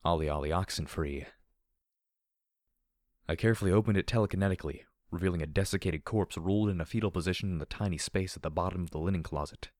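A man narrating an audiobook of dark fan fiction in a steady, measured storytelling voice. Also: low voice, no room sound, studio quality.

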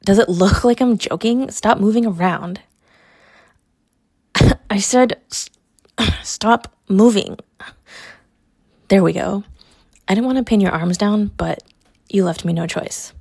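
A woman's voice: mid-range voice, unhurried, vocal fry, pauses often, a little mellow, husky, no echo, clean studio sound. A young adult woman performing a scripted audio role-play, teasing and mocking with frequent laughter. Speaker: college athlete character in an audio role-play.

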